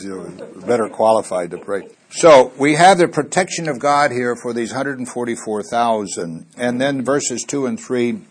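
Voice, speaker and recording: A husky middle-aged male pastor from Missouri leads a Bible study. He reads scripture aloud with swelling emphasis and keeps asking his listeners questions. His voice sits at an ordinary middle pitch. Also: expressive, moderate pace. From Missouri, USA.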